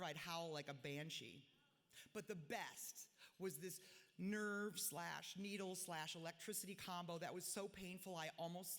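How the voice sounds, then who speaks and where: A woman's voice: fairly low pitch, fairly bright tone. A woman in her forties giving a speech at a gala in a large hotel ballroom, blunt and self-mocking. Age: 40s. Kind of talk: reading a personal diary-style speech. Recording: reverberant ballroom, long echo.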